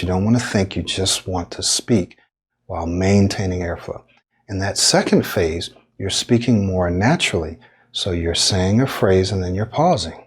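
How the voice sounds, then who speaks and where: Male voice coach, deep husky voice, calm methodical delivery, demonstrates drawn-out words. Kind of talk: instructional talk with demonstrations.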